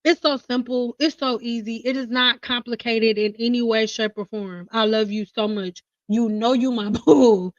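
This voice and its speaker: A woman's voice: fairly high pitch, steady tone, moderate pace, few pauses, no room sound. Blunt woman ranting on a livestream. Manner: blunt, teasing, laughs often. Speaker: hairstylist livestream host. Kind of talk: casual livestream rant. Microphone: livestream mic. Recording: slightly dull livestream audio.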